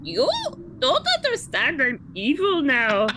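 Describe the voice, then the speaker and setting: A woman putting on a petulant man turned evil, with a deliberately bad Irish accent and a squeaky voice. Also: sing-song, vocal fry, noisy background, heavily acted. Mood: whiny, defiant. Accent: put-on Irish.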